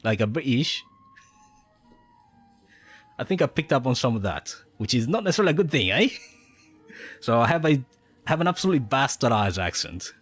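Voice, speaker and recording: Chatting casually on a game stream, a man speaks fast in a sing-song, medium-pitched voice with a bit of brightness. A native Spanish speaker with a mixed Spanish and Australian accent, he rambles and chuckles often over faint game music.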